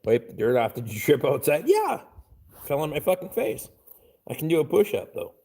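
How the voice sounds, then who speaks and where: A somewhat high-pitched man talks crudely on a live stream, swearing nearly every line. His voice is gravelly and swings widely up and down. He reads chat aloud and answers in a blunt, offhand way. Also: huge pitch swings, normal speed, a little mellow.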